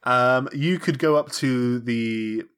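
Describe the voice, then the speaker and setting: A man's voice: medium pitch, slow, smooth. A man co-hosting a podcast, chatting casually with swearing and jokes. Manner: sweary, joking, lively. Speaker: podcast co-host.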